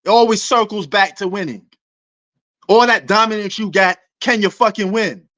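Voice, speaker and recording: Loud passionate New man. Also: high voice, normal speed. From New York. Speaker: sports talk show host. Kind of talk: livestream sports debate answering chat. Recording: dull lo-fi stream audio.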